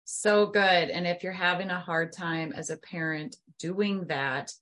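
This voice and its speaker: A woman's voice: on the low side, fairly even intonation, measured pace, fairly bright tone. A woman podcast host who asks questions and affirms her guest often. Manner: affirming, frequent mm-hmms. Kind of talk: conversational interview.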